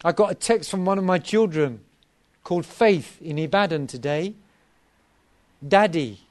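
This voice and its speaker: A man's voice: high voice, normal speed. A middle-aged man preaching a sermon to a gathering, with an emphatic delivery full of repetition.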